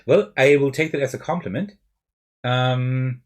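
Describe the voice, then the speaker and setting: German-accented male streamer, mid-pitch, musing over a card game live. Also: a little slow. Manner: thinking aloud, self-questioning with frequent "right?". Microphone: desk mic with face cam.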